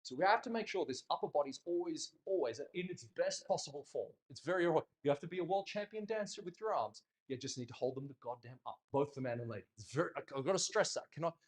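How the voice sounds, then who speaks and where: A man teaching dance in a studio, his voice sitting a little above the usual male pitch. He explains steps in a casual, animated way and mixes in blunt jokes and the odd swear word. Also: fast talker, few pauses. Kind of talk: casual instructional talk.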